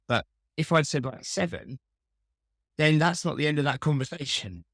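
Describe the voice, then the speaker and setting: In a clean, dry studio recording, a male customer experience specialist guests on a podcast, his fairly high voice animated and slightly bright at a normal pace. He spins self-deprecating, wry anecdotes in a casual interview.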